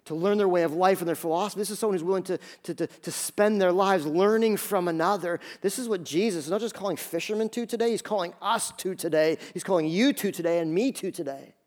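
High-voiced man preaching a sermon. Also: quick pace, few pauses, darkish tone. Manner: emphatic preaching with repeated phrases; acts out dialogue in quotes. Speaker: pastor.

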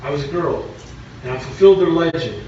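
Man voicing a calm, sure young missionary girl in a sermon. Pitched up, earnest and simple, in an echoey hall heard from far off. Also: fast, muffled recording, slight background noise, natural voice.

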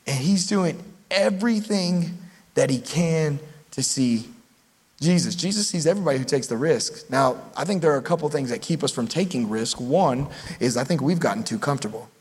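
A man preaching a sermon as pastor, conversational and animated, acting out quotes as he goes. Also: a little high, normal speed, breathy edge. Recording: long reverb of a large church hall.

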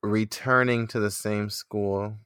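A woman's voice: very deep voice, fairly even intonation, slow, a bit bright, clear, resonant tone, dry recording, clean studio sound. A woman in her twenties, a teacher co-hosting a podcast, chatting casually and laughing often.

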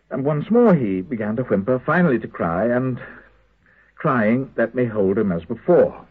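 An actor playing a haunted prisoner who makes a halting, intense confession to his comrades in a 1970s radio drama. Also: mid-range voice, slightly rough. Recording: tinny lo-fi old radio broadcast.

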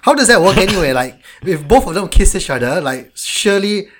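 A man's voice: high voice, very animated, a little fast, a bit bright. A man co-hosting a film podcast, talking in an exasperated, incredulous way and mocking the plot with put-on voices. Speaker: podcast co-host. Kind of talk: casual movie chat.

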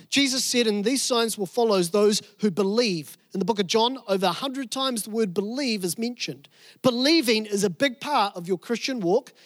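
A man preaching a sermon, telling a personal story with animated emphasis and repeated phrases. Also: very high-pitched, no room sound, studio quality. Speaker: pastor. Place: church service room.

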